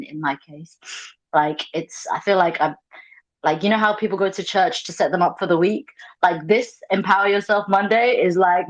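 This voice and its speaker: A woman with a London English accent speaks in a low voice. She talks as a guest caller in an audio chat room. Her thoughts come out in halting pieces, with restarts and fillers. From London, England. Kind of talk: casual chat.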